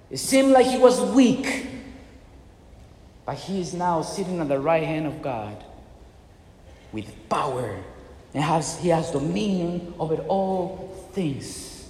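A man's voice: sits high, expressive, measured pace, darkish tone. A man preaching a sermon with impassioned, dramatic storytelling in a church hall. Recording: echoey hall with long reverb.

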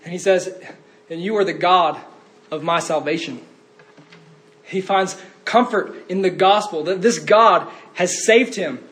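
High-voiced earnest male preacher. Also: measured pace, a bit bright. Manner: earnest, rising to fervent cries in quotes. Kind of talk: sermon.

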